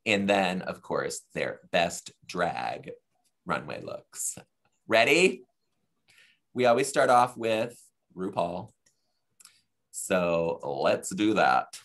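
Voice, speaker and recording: A low-pitched man hosts a casual chat, his voice swinging up and down with lots of life. He is chatty and giggles often as he leads each segment. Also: a bit bright. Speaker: podcast host.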